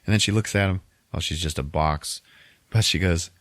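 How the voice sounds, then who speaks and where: A man's voice: low voice, normal speed, fairly bright tone, no room sound. A man hosting a podcast, casually retelling a movie plot and laughing often as he quotes the characters. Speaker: podcast host.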